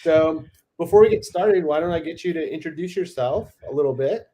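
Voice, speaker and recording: Friendly guy hosting an interview, kinda high voice, hissy noisy recording. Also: brisk. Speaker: interviewer and host. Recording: noisy background hiss.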